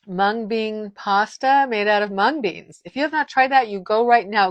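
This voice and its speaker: A woman's voice: mid-range voice, no room sound, lo-fi sound. A woman in her fifties talks to her viewers in a dry, close recording with no room sound. Her voice sits in a middle register. She is emphatic, firm and blunt, and often restarts her sentences. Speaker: wellness vlogger. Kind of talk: casual direct-to-camera monologue.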